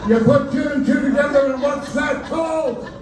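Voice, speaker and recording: A man's voice: very high voice, normal speed, noisy background. An older man doing a stand-up comedy set in a club, with wry, self-mocking punchlines. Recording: roomy club audio from far off. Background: laughing crowd.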